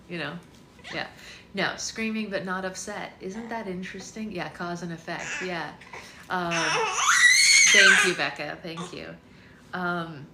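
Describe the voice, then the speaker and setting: A woman hosting a casual livestream read-along at home, chatting and laughing while talking to her baby and to viewers. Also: fairly low pitch. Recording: roomy with noisy background.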